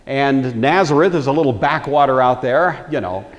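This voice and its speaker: A man's voice: mid-range voice, moderate pace, long reverb tail, dull audio. A man teaching a Bible lecture in a conversational storytelling way, acting out the quoted lines.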